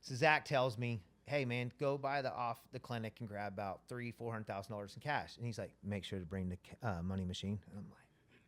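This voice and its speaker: A man telling a wild story as an interview guest, animated and profane, rambling casually. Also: fairly low pitch, fairly quick.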